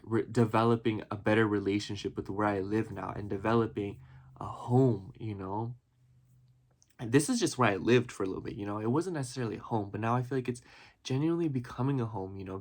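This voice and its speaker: Earnest low-voiced man rambling emotionally. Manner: earnest, rambling, heavy on "you know" and "like". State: emotional, near tears at times. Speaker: vlogger. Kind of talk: reflective casual vlog talk.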